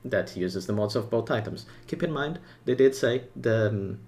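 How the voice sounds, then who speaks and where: A man as a gaming content creator, giving casual commentary on a game update in short, excited bursts with his own opinions and asides. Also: on the low side.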